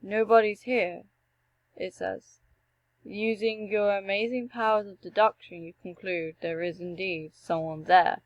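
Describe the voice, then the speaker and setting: A young woman reading a text adventure game aloud and breaking off for joking, animated asides and the odd swear. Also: medium pitch, unhurried, no echo, poor audio. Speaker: gameplay streamer.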